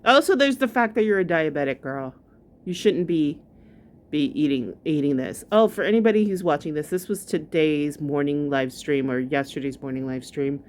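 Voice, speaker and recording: A woman's voice: low voice, normal speed. A woman giving chatty, gossipy reaction commentary on a video, full of "like" fillers. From New York. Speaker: commentary vlogger.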